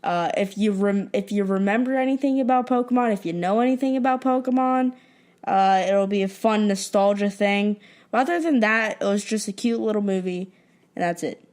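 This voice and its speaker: A teenage girl co-hosting a podcast, talking casually in a dry, quick, offhand way. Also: medium pitch, darkish tone. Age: teens. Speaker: podcast co-host. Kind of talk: casual chat.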